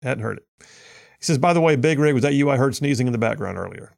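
Guy doing talk radio, gravelly voice, dry studio sound, sarcastic and folksy. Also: medium pitch, animated, fast talker, darkish tone, dry recording. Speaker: radio talk show host.

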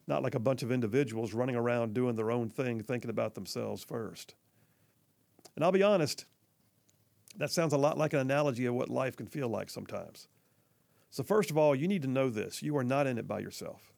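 A man's voice: medium pitch, creaky, a little mellow, no room sound. A man hosting a news talk show who tells a personal story in a folksy, earnest way and speaks directly to his listeners. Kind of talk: storytelling monologue.

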